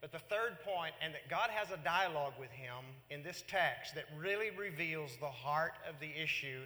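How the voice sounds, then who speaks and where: A man preaching a sermon in an animated way, acting out the words of God and Jonah. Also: fairly high pitch, moderate pace, big-room sound. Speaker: pastor.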